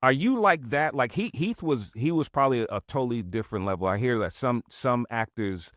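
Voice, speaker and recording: A man co-hosting an interview, asking questions in a halting, casual way with many restarts. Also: mid-range voice, expressive, a bit bright, dry recording, clean studio sound. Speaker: podcast co-host.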